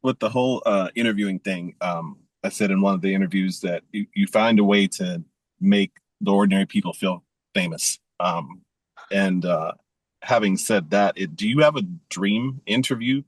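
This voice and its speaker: A man's voice: deep voice, moderate pace, no echo, poor audio. A man on a podcast panel who asks questions thoughtfully in a casual interview.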